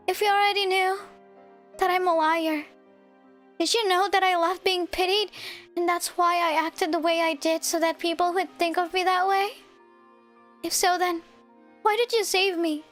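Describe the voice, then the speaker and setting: A self-destructive young anime girl, put on by a woman reading a visual novel aloud, who craves pity. She speaks in a high, pleading, wistful voice. Faint game music plays behind her. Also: a bit bright.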